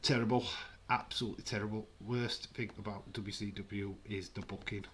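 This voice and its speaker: A man's voice: lowish voice, fairly even intonation, normal speed, fairly bright tone, a little hiss or hum. A man hosting a live wrestling watch-along, chatting casually with sarcastic, rambling asides.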